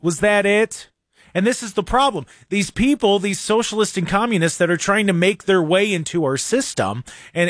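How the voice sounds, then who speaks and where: A man's voice: high-pitched, animated, moderate pace, a bit bright, no room sound, studio quality. A man hosting a political talk show, mocking and sarcastic in his commentary.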